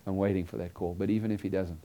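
Guy preaching a story sermon, lowish voice, earnest, acts out the dialogue, goes quiet on the big lines. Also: fairly even intonation, quick pace.

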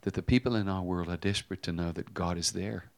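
A man preaching a sermon, telling a personal story with animated swings between loud emphasis and hushed tones. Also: sits low, fast talker, creaky. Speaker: pastor.

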